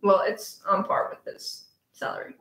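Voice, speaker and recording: Young woman with playful quick asides. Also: a bit bright. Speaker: podcast co-host. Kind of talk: casual chat. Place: small room in a school library. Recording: echoey small room, faint background noise.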